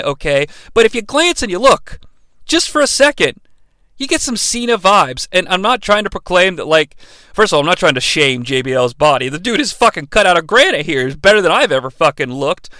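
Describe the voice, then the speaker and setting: A man's voice: sits high, very animated, a little fast, sharp tone, no room sound, clean studio sound. A man hosting a podcast, reviewing a wrestling match solo in a profane, sarcastic, mock-outraged way. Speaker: podcast host.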